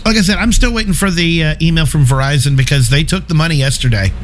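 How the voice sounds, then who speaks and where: A man's voice: fairly high pitch, quick pace, noisy background. A man hosting a casual livestream chat, reading viewer comments aloud and swearing freely in a laid-back way. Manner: profane, laid-back, laughs often.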